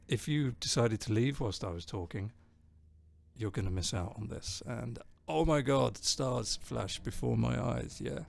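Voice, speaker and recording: A man playing bass on a live stream, chatting casually, reading viewer comments and joking at his own expense. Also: measured pace, vocal fry. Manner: chatty, self-deprecating, laughs often.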